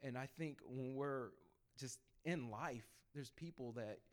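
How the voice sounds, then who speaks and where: A man telling personal evangelism stories to a church group in a lively, conversational way, acting out the people he quotes. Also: medium pitch, takes it slowly. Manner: animated storytelling, acts out quoted voices. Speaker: church speaker sharing testimony.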